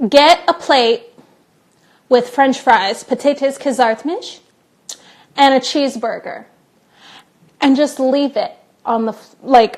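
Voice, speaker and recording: A young woman chats in a casual live-stream Q&A, recorded on a phone. Her voice sits high. She talks playfully, cracks jokes and reads questions from viewers aloud. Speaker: English teacher hosting a live Q&A.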